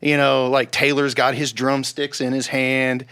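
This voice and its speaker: A young man telling a rowdy story on a podcast, swearing freely and loudly acting out the people he quotes. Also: mid-range voice, little pitch movement, a little slow, smooth. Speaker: podcast guest. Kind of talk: casual storytelling.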